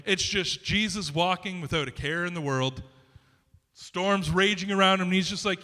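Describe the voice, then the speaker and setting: Bright, animated male preacher in a hall. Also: sits high, moderate pace. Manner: animated, conversational preaching with many restarts and asides. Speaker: pastor. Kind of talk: sermon. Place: church sanctuary. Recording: reverberant church hall.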